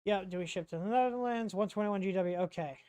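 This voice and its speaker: A man's voice: high voice, quick pace, mellow, clear, resonant tone, dry recording. A man hosting a casual livestream Q&A, rambling and chatty, reading out chat questions with lots of ums.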